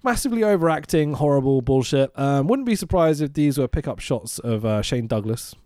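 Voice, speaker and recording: A man's voice: mid-range voice, big pitch swings, a little fast, a little mellow, dry recording, clean studio sound. A man co-hosting a casual film review podcast, sweary and sarcastic, often mock-quoting the characters. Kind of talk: casual chat.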